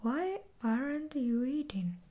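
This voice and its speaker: A woman's voice: sits high, sing-song, slow, warm tone, heavily acted. A woman whispering as a stern father, whispered role-play. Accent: Russian.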